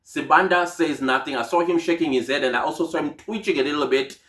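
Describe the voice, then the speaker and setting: A man's voice: fairly high pitch, fast talker, a bit bright. A South African man giving casual, indignant commentary on a court case, mixing in Zulu phrases. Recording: echoey room.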